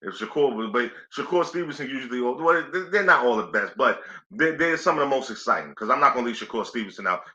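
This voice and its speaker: A man's voice: medium pitch, lively intonation, fast, hardly any pauses, bright, forceful tone. Laid-back chatty man, echoey lo-fi. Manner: laid-back, chatty, says "you know what I'm saying" a lot. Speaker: boxing play-by-play host. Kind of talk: casual live commentary stream. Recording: echoey room, dull lo-fi sound.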